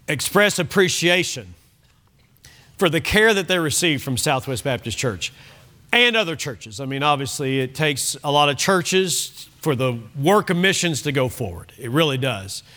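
A man's voice: fairly high pitch, expressive, unhurried, sharp tone. A man pastor preaching a sermon, emphatic and fond of repeating key phrases.

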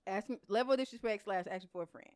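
A woman's voice: mid-range voice, fast talker, no echo. Blunt profane woman co-host, dry sound. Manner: blunt, profane, laughs often. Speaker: podcast co-host. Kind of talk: casual chat, reading a listener email aloud.

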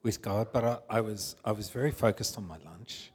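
Husky man telling a story. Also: lowish voice. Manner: rambling, halting storytelling with restarts. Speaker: congregation member. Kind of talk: personal testimony.

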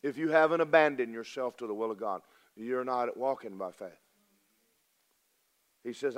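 With a mid-range voice, a moderate pace and long pauses, an older drawling preacher delivers a homespun sermon from the pulpit. He tells it plainly and folksily, shifting between ringing emphasis and near-whispered asides.

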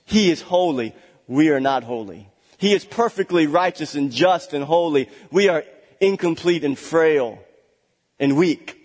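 A man's voice: fairly high pitch, lively intonation, unhurried, a little mellow, in a large hall. A man preaching a sermon as a pastor, emphatic and repeating key words for stress, with chatty asides. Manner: chatty asides with small laughs.

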